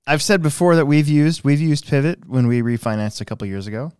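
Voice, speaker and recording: A man's voice: on the high side, a little fast, a little mellow, clear, resonant tone, no echo, clean studio sound. A man hosting a casual hobby podcast, rambling along with plenty of fillers and restarts. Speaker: podcast host, hobby shop manager and race director.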